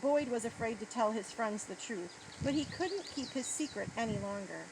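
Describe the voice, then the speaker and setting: A woman reading a children's story aloud in an expressive storybook tone. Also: on the high side, moderate pace. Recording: noisy outdoor recording.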